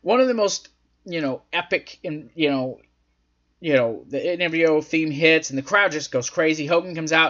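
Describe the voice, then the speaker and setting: Higher-voiced man recapping casually, lo-fi. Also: animated, moderate pace, a bit bright. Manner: rambling, filler-heavy retelling. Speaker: host. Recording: dull lo-fi audio.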